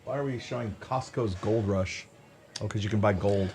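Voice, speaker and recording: A man's voice: lowish voice, moderate pace, a little mellow, husky. Dry, teasing man radio co-host. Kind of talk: casual on-air banter.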